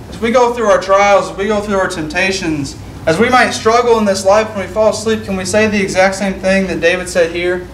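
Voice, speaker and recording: A man's voice: sits high, fairly bright tone, slight background noise. A man preaching an earnest sermon, reading scripture aloud and restating it in plain words. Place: church sanctuary. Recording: echoey church room, mic at a distance.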